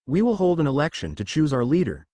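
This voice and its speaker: A man's voice: a little high, huge pitch swings, fast, mellow, no echo. Man reading as a formal eager schoolboy, stiff speech, storybook voice. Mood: formal earnest. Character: earnest, formal teenage boy class leader.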